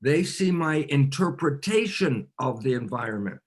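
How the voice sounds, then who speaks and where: Animated male guest, husky mid-pitched voice, explains biology conversationally and stumbles over restarts. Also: normal speed. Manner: animated storyteller with frequent fillers and restarts.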